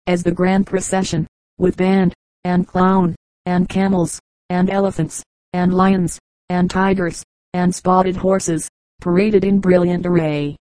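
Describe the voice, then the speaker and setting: A woman narrating an audiobook in a measured, orotund reading style. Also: fairly low pitch, dark tone, no echo, low-quality recording. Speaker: audiobook reader.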